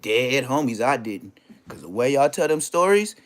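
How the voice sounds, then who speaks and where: A man's voice: big pitch swings, normal speed. A man hosting a livestream, delivering a heated, taunting, profane rant at a rival. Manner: swings between low growls and high yelps. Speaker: livestream host. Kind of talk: ranting livestream monologue.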